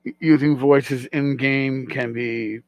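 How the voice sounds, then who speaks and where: A man's voice: mid-range voice, steady tone, slow, a little mellow, dry recording, lo-fi sound. Rambling middle-aged male podcast host. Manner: rambling, self-deprecating, repeats words. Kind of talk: casual solo podcast talk.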